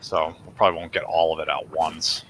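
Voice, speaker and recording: A man's voice: very deep voice, flat delivery, fairly quick, fairly bright tone, slight background noise. A man chatting casually as a co-op gaming partner, making dry, sarcastic remarks. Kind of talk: casual gameplay chat.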